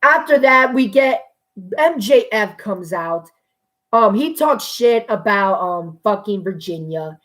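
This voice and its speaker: Female show reviewer, casual and profane, unhurried delivery that erupts into hyped shouting. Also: mid-range voice. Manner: excitable, profane, bursts into gushing shouts.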